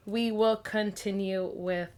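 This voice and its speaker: A woman's voice: mid-range voice, steady tone, slow pace, darkish tone. A woman hosting a podcast, chatting casually with a friend and laughing often. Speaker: podcast host. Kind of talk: casual chat.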